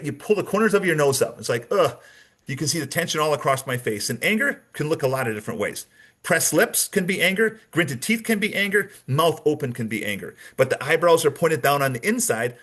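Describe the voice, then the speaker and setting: A man's voice: on the high side, a bit bright, slightly rough. A man giving a training lecture with slides as a behavioral analysis trainer, conversational and demonstrative, often checking in with his audience.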